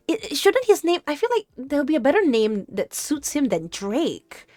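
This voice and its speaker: A woman's voice: sits high, sing-song, normal speed, a little mellow, dry recording, studio quality. Host streamer, woman, raised voice, reads aloud and laughs in disbelief, casual banter. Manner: incredulous, laughing, stumbling over words. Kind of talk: casual chat, reading a script aloud with reactions. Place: home streaming setup.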